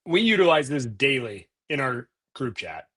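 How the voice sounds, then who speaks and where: A man co-hosting a casual podcast, playful and quick to laugh. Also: mid-range voice, big pitch swings, pushed and bright. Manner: laughing, playful, short reactions. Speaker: podcast co-host.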